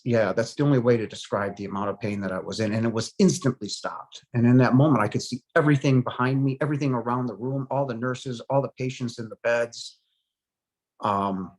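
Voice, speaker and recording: A middle-aged man telling the story of his near-death experience in a halting, emotional way, with many pauses and fillers. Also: mid-range voice.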